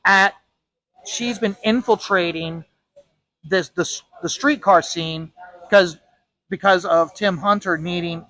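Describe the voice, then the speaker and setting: A man's voice: high voice, slow pace, pauses often, pushed and bright, dry recording, poor audio. A man who is a comic artist, casually telling a story while he draws, rambling with frequent restarts and repeated words.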